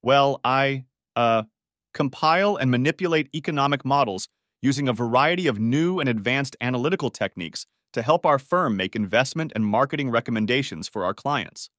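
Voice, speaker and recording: A man's voice: medium pitch, animated, a little fast, a bit bright, no echo, studio quality, natural voice. Man playing an anxious, stammering young man, polite, storybook reading. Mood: nervous. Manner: stammering, apologetic. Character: awkward young man, nervous and polite, stammers when put on the spot.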